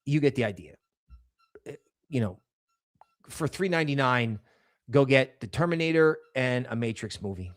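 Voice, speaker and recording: A man hosts a casual crypto livestream. He talks emphatically and rambles, often restarting sentences mid-thought. His voice sits at a middle pitch. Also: animated, moderate pace, long pauses. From New York area.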